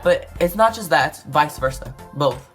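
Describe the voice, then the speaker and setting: A woman's voice: deep voice, expressive, a little slow, music in the background. A woman vlogging to camera, ranting in a rambling, exasperated way and saying "like" constantly. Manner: exasperated, rambling, says "like" a lot; swings between loud and muttered.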